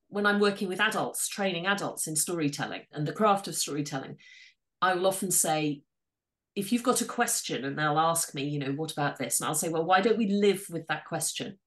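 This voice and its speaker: A woman's voice: fairly low pitch, a bit bright. A woman, a storyteller and author, talking thoughtfully and with enthusiasm in an interview. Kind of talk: interview conversation.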